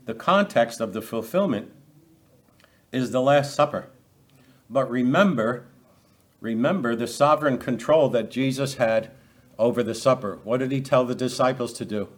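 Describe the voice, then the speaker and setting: A man's voice: medium pitch, moderate pace, long pauses. Man preaching with rhetorical questions. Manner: conversational preaching with rhetorical questions and acted quotes; repeats words and restarts phrases. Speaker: pastor. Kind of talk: expository sermon.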